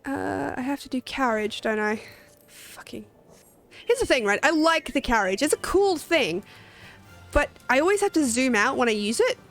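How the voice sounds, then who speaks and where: A woman's voice: high-pitched, expressive, moderate pace, fairly bright tone, soft background music. A young Australian woman streaming a game, rambling chattily, laughing often and swearing casually. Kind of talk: casual gaming stream chat.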